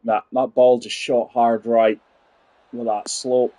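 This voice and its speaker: A man's voice: mid-range voice, flat delivery, slow pace, mellow. A man in his forties giving chatty, rambling commentary while playing a golf video game and talking to his viewers. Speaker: gaming channel host. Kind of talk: casual gameplay commentary.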